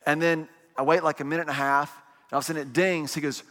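Animated man preaching in a reverberant hall. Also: on the high side, fast. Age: 40s. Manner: animated storytelling, rhetorical questions to the congregation. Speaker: pastor. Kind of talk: sermon.

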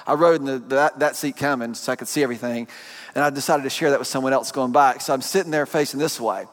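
A man preaching a sermon, telling a personal story in an animated, joking way to his congregation. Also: mid-range voice, fast. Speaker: pastor. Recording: long hall reverb.

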